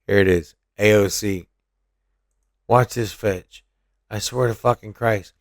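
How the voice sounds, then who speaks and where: A man's voice: on the low side, fairly even intonation, takes it slowly, no echo, studio quality. A man hosting a podcast, giving profane, mocking and combative political commentary. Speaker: podcast host.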